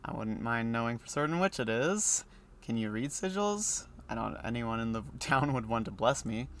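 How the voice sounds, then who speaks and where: A man's voice: mid-range voice, animated, moderate pace, slight background noise, lightly acted. A man voicing a weary, sarcastic doctor, reading game lines in a dry, exasperated way. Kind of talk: reading game dialogue aloud.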